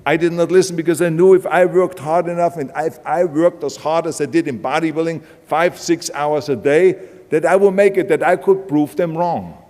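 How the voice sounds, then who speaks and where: An older Austrian man with a heavy Austrian German accent gives an emphatic motivational keynote packed with punchy anecdotes and lines. His voice is on the high side and darkish, with fairly even intonation and normal speed. It was recorded live on stage in a large event hall with long reverb.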